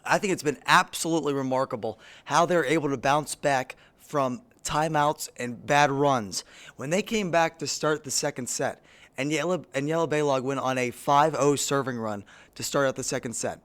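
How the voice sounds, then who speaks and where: A man with a hoarse voice co-hosting a sports podcast in a studio, recapping games play by play. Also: medium pitch, moderate pace, fairly bright tone. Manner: play-by-play recap, addresses co-host by name. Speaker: podcast co-host. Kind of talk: casual sports chat. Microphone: studio microphone.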